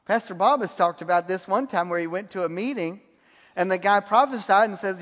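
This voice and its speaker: A man with a high voice preaches a sermon in a church hall, telling stories and laughing at his own anecdotes. His words ring out with a long reverb off the walls. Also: brisk, a bit bright.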